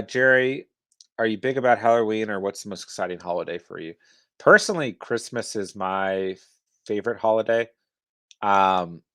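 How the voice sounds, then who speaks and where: A man's voice: lowish voice, dry recording. A young adult man hosting a casual live stream, reading viewer chat aloud in an easygoing way. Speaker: host.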